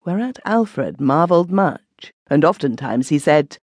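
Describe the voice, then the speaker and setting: A woman narrating an old legend in measured, archaic storytelling. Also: low voice, sing-song, a little mellow, dry recording. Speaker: audiobook narrator. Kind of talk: scripted narration.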